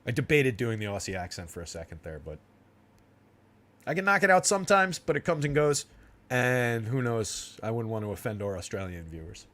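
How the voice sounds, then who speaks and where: A man's voice: medium pitch, big pitch swings, fairly quick, a bit bright. A young man from New Jersey hosting a fantasy sports livestream, rambling in a casual, chatty way with frequent laughs and fillers. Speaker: fantasy sports stream host.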